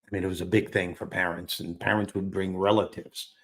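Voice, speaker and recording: A man telling a funny childhood story in a relaxed interview, self-deprecating and animated, acting out the lines he quotes. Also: low voice, fairly quick. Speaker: guest storyteller. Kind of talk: conversational storytelling.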